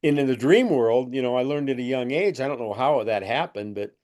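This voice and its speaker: A man's voice: mid-range voice, expressive, brisk, darkish tone. Middle-aged man, rambling spiritual teacher. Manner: rambling, acts out quoted voices. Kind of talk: conversational spiritual talk.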